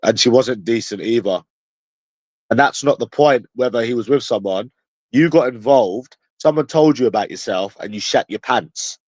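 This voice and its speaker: A man from London, speaking at medium pitch and a moderate pace in a slightly mellow voice, answers his livestream chat with a combative rant. He is confrontational, profane and repetitive. The recording is dry.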